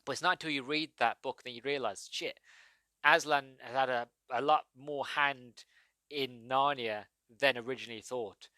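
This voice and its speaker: A man's voice: mid-range voice, steady tone, moderate pace, pushed and bright, no room sound. A man hosting a solo movie review podcast, talking enthusiastically and rambling with lots of fillers. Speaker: podcast host.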